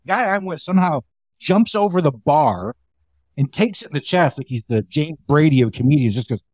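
A man's voice: a little high, dry recording. A comedian telling casual, rambling club stories, acting out the quoted lines as he goes. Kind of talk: casual storytelling chat.

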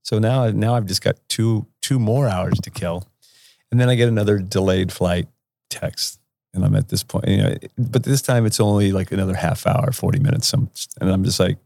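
Low-voiced man telling a profane story. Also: moderate pace, gravelly, darkish tone, no room sound, studio quality. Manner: profane, laughing, rambling anecdote. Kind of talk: casual storytelling.

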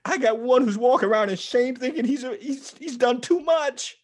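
A man in his forties, a ministry leader, telling his life story with strong emotion, dropping to a hush and then rising almost to a shout. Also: extremely high pitch, steady tone, normal speed. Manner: passionate, swings from hushed to near-shouting. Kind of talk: emotional testimony in an interview.

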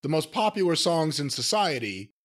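A man's voice: a little high, big pitch swings, normal speed, a bit bright. A man co-hosting a podcast, teasing his partner dryly as the straight man. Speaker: podcast co-host. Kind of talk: casual chat, reading ratings.

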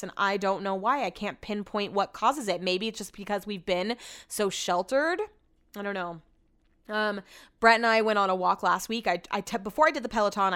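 Chatty young woman with a smooth voice. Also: mid-range voice, fairly bright tone. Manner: chatty, rambling, says like a lot, swears casually. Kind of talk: casual chat.

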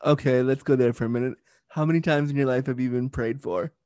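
A man of ordinary pitch hosts a casual interview. He is chatty and hesitant, often restarting his sentences, and the recording is dry with no room sound. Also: fairly even intonation, quick pace, warm tone, no echo. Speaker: interviewer host.

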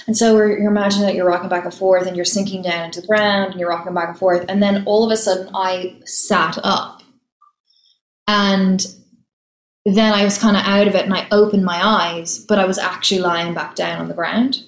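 A woman, an actress being interviewed, chatting casually and telling stories quickly with easy laughs. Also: mid-range voice, flat delivery, echoey room, poor audio. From Ireland. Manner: chatty, laughs easily, fast storytelling.

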